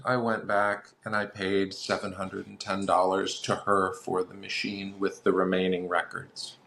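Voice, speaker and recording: A man, a guest on a collectors' chat, telling lively anecdotes and acting out the people in them. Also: sits low, measured pace, gravelly, a little hiss or hum. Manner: lively anecdotal storyteller with acted quotes. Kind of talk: casual storytelling.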